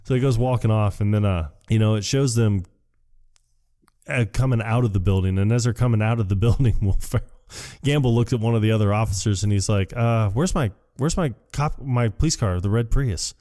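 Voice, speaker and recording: A man talks through a film scene by scene, jumping into the characters' lines as he goes. His voice sits a little low and sounds mellow and warm. The talk is loose and chatty, full of laughs. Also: a little fast. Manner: retells scenes animatedly, acting out quotes with laughs. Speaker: podcast co-host. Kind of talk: casual movie recap chat.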